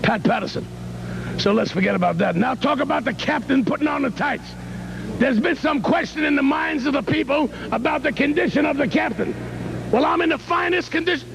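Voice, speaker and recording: Man, wrestling promo, loud and boastful, taunting, very high, gravelly. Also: animated, fairly quick, noisy background. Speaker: wrestling manager.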